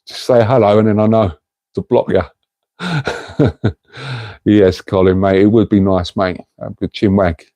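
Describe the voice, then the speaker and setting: A man's voice: lowish voice, a little slow, long pauses, mellow, dry recording. A middle-aged man, hosting a casual livestream and talking to viewers in an earnest, rambling way. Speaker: livestream host.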